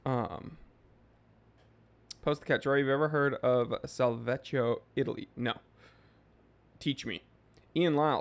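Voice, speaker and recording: A man's voice: medium pitch, measured pace, pauses often. A man in his thirties hosting a livestream, casually reading viewer comments aloud and joking with the chat. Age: 30s. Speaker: livestream host.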